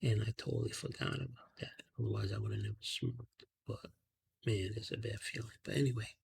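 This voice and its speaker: A man softly telling a rambling story in a half-whispered ASMR style, talking casually with slang and fillers, outdoors at night on a close mic. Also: lowish voice, fairly even intonation, brisk, creaky, breathy edge. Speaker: ASMR channel host. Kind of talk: ASMR storytelling while coloring.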